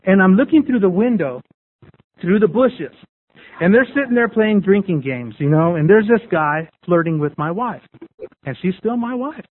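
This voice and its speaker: A man candidly tells a group about his recovery, speaking as personal testimony in a repetitive, storytelling way. His high voice is expressive at a moderate pace, and the sound is tinny, like a phone or radio.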